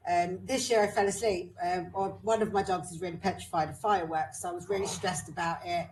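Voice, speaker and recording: A woman's voice: lowish voice, fairly even intonation, fairly quick, a little mellow, slight background noise, low-quality recording. A woman co-hosting a podcast, talking openly in casual chat with frequent ums and repeats. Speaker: podcast co-host.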